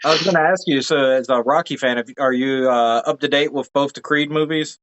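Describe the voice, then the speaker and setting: A man's voice: mid-range voice, a little fast, a bit bright, dull audio. Easygoing male podcast host. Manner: friendly, steers the talk. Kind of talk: casual chat.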